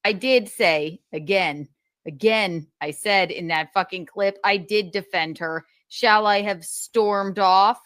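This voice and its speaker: A woman's voice: medium pitch, takes it slowly, a bit bright, no room sound, clean studio sound. Exasperated, swearing woman ranting. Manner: profane, rambling, exasperated. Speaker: streamer recounting a feud. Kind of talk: heated casual rant.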